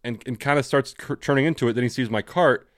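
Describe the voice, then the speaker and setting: Talking fast in a mid-range, fairly bright voice, a man co-hosts a podcast, chatting casually, rambling and cursing freely. The studio recording is clean, with no echo.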